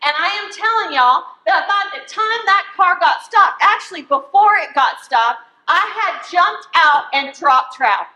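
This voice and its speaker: A woman, a Bible teacher telling a funny story to her study group in an animated, laughing way, squealing when excited. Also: extremely high pitch, a little slow, few pauses, reverberant, slight background noise, rough recording.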